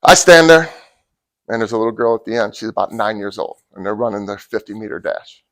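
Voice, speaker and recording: A middle-aged man giving a motivational talk to college athletes, telling a personal story and swinging from loud bursts to hushed asides. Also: fairly low pitch, lively intonation, brisk, rough recording. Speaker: motivational speaker.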